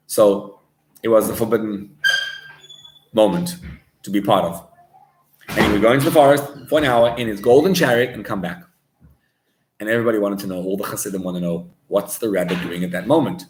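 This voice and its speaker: A man, a rabbi, preaching a sermon as an animated storyteller who mixes in Hebrew and Yiddish words. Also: lowish voice, a little fast, pauses often, slight background noise. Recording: roomy echo.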